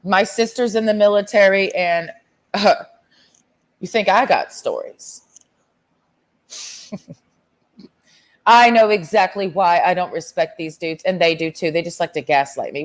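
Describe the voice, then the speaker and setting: A young woman with a slightly low voice rants casually to camera. She tells her story bluntly and sassily, with plenty of swearing. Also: a little slow, long pauses. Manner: blunt, profane, sassy storytelling. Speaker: vlogger. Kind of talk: casual rant.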